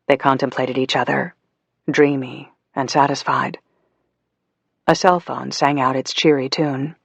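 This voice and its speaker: Woman reading an audiobook, breathy voice, dry close sound, calm even pace. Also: rumbling low, a little slow, no room sound. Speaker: audiobook narrator. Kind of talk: scripted audiobook narration.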